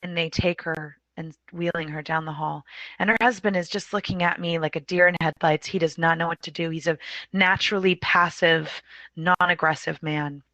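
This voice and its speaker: Middle-aged woman, doula telling a story to an audience, bright and a bit low, dry sound, emotional. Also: fairly even intonation, moderate pace, dry recording. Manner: emotional, vivid retelling with acted-out quotes. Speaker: doula and consumer advocate. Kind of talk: personal storytelling in a presentation.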